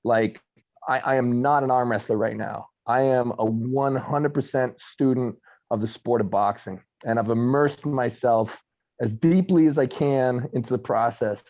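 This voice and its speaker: Middle-aged male guest, unhurried and thoughtful, ordinary pitch, slightly muffled lo-fi recording. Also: darkish tone. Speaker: guest, arm wrestler. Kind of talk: casual conversation.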